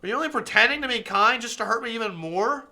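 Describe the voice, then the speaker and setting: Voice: medium pitch, animated, fast, pushed and bright, pitched above the performer's own voice. Monika, a streamer voicing a wounded club president. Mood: accusing. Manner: pleading, accusing, then remorseful. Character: young woman, club president, obsessive and wounded. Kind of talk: reading game dialogue aloud on stream.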